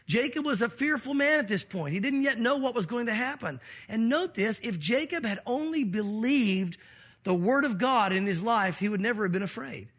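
A male pastor preaching with a high, husky voice. He walks through the scripture and now and then acts out the quoted voices of the people in the story. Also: expressive, normal speed, a bit bright. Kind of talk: sermon.

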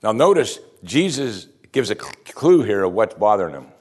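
Male pastor, lowish voice, easygoing sermon style that mixes scripture reading with rhetorical questions. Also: sing-song, moderate pace, darkish tone, breathy edge. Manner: conversational, asks the listeners rhetorical questions; reads scripture aloud and stops to comment.

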